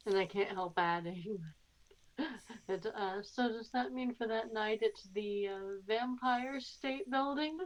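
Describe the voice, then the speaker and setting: Woman player talking in character, quick polite answers, bit jokey. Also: on the high side, low-quality recording. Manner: quick, polite, joking replies. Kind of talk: in-character tabletop role-play.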